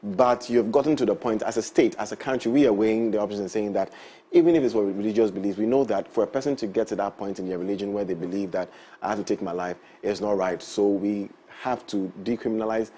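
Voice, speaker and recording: A man's voice: lowish voice, fast, dark tone, breathy edge. A man with a Ghanaian English accent speaking as a panelist in a studio discussion, thinking aloud with hesitant restarts. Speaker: show panelist.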